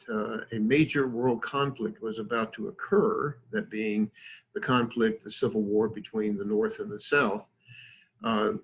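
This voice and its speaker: Husky-voiced male history lecturer. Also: lowish voice. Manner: conversational, digressive, many fillers, self-deprecating. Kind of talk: lecture with slides.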